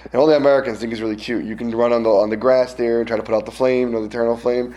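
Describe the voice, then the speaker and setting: A man's voice: mid-range voice, racing. A man teaching a casual Talmud class, checking in with his students and acting out little scenes to explain a point. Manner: lively, questions students, acts out little scenes.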